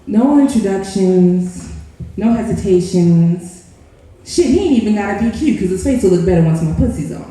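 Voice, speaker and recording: A woman's voice: mid-range voice, animated, moderate pace, mellow. A woman performing erotic spoken-word poetry at a live open mic in a lounge, sultry and playful, with laughing asides to the crowd. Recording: very echoey live room.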